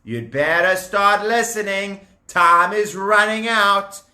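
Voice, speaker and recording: A man's voice: sits high, sharp tone, roomy sound, exaggerated voice. A man voicing a stern, warning prophet. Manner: warning, drawn-out emphatic delivery. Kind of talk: children's storytelling.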